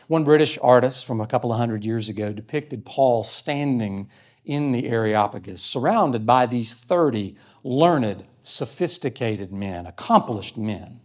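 A man's voice: medium pitch, animated, unhurried, darkish tone. A man preaching a sermon, earnestly explaining a scripture passage and reading verses aloud. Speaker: pastor. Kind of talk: sermon teaching.

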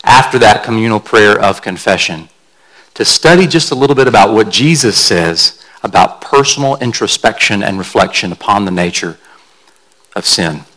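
A man's voice: lowish voice, lively intonation, normal speed, fairly bright tone, rough recording. A man pastor delivering a sermon in a conversational, storytelling way, carefully explaining word meanings like a teacher.

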